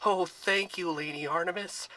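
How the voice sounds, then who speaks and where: A man's voice: sits high, fairly even intonation, normal speed, pushed and bright, voice pushed up, low-quality recording. A man doing a gushing, stammering satyr boy. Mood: starstruck. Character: starstruck young satyr boy. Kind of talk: storybook voice acting.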